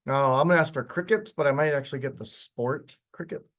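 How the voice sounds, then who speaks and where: A male instructor talks through a live software demo. He is loose and conversational, with lots of ums and the odd chuckle. His voice sits at an ordinary middle pitch. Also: a little fast. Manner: casual, chatty, with short chuckles and frequent ums. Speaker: workshop instructor. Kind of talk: live software demonstration lecture.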